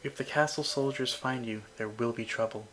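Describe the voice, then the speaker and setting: A man's voice: medium pitch, moderate pace, fairly bright tone, a little hiss or hum, lightly acted, rough recording. A stern, protective woman warrior speaks in a solemn, formal way with an Indian accent, as a man puts her on. She sounds like the guardian of a royal family in a video game. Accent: Indian, put on.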